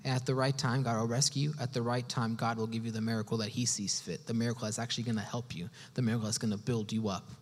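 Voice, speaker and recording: Casual young preacher in a hall. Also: male voice, medium pitch, little pitch movement, quick pace, hardly any pauses. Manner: conversational, lots of "you know" and "man". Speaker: young adults pastor. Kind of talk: casual sermon. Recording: long hall reverb.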